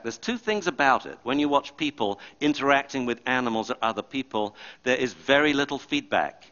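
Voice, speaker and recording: Male speaker, dog trainer, stage talk; bright, animated storyteller, on a mic with a dull, muffled sound. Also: mid-range voice. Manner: animated storyteller who acts out quotes. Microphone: body or handheld mic.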